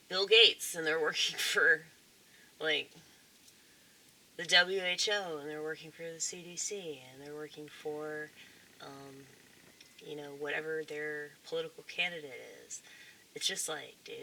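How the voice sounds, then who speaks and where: A woman's voice: low voice, pushed and bright, a little hiss or hum, low-quality recording. A woman with a Southern US accent, talking in a rambling, casual monologue full of fillers and profanity. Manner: meandering, profane, frequent fillers and short laughs. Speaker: vlogger.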